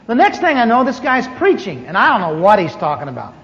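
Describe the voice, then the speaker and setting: A man's voice: high-pitched, fast. An older man telling a humorous personal testimony, acting out the dialogue as he goes. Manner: animated storyteller who acts out the dialogue. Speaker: speaker giving a personal testimony. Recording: echoey hall, dull lo-fi sound, faint hiss.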